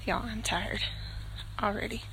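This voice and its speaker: With a medium-pitched, sharp voice, fairly even intonation and a measured pace, a Southern-accented woman in her twenties from northern Mississippi, US, narrates a family vlog. Recorded in poor audio with outdoor noise at a farm and pumpkin patch, she chats cheerfully and calls to her kids.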